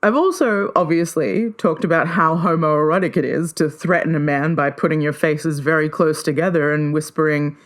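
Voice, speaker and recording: A woman hosting her own podcast, talking solo in a playful, enthusiastic way and often jumping up in pitch with excitement. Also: moderate pace, hardly any pauses. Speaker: podcast host.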